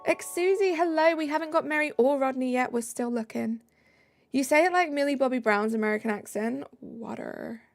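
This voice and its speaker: British woman streamer, casual chatter, gravelly fry, soft music underneath. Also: high voice, brisk, no room sound. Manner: chatty, reads out viewer comments. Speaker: live streamer. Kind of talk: casual live-stream chat. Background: faint background music.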